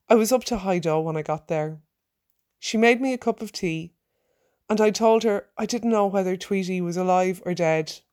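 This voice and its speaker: A woman reads a personal story aloud with a lively, animated delivery. She throws herself into her own quoted lines, acting out the shouting and panic as she tells it. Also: mid-range voice.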